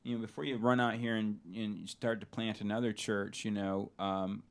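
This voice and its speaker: A man's voice: on the low side, level tone, normal speed. A man co-hosting a casual studio talk show who introduces the stories in an easygoing, enthusiastic way. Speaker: co-host presenting stories.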